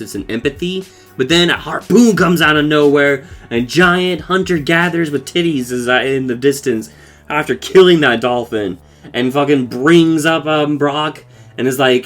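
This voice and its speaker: A man with a mid-range, slightly bright voice casually recaps a cartoon episode for his podcast. He talks loosely and profanely, with lots of swearing, frequent fillers and laughs.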